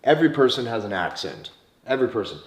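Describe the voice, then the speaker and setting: A man's voice: medium pitch, very animated, quick pace. A man with a North Dakota accent, teaching in an emphatic way, repeating key phrases and checking in with "okay?". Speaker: dating coach. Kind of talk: instructional talk to camera. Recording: echoey room.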